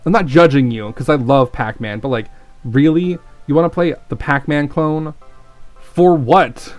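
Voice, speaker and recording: A man's voice: fairly high pitch, unhurried, soft background music. A man streaming a story game, reading it aloud and chatting with playful, profane asides. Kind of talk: let's play commentary, reading a visual novel aloud.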